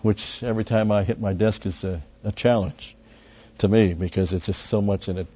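On a dull lo-fi recording with a slight hiss or hum, a man works through a Bible passage verse by verse. His lowish voice is warm and steady at a moderate pace. He stays conversational, full of asides and restarts, and presses hard on key words.

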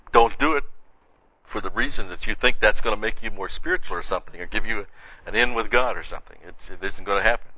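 A male preacher teaching through a Bible passage verse by verse, his lowish voice bright and sharp-edged. He keeps it conversational, tossing in "see" and "you know" as he goes. The recording is dry and dull, like an old lo-fi tape. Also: no room sound. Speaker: pastor. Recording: dull, muffled lo-fi sound.

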